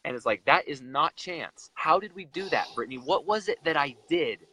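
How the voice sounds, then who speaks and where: Telling a personal story as a guest in a chat, a young Utah man speaks emotionally and animatedly at normal speed. His voice is fairly high, bright, and forceful, and the sound is close and dry without any room echo.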